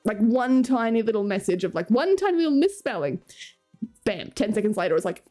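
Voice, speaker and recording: A woman's voice: mid-range voice, very animated, brisk, warm tone. A young Australian woman streaming, chatting casually with her viewers and reading chat aloud, laughing often. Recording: faint music behind.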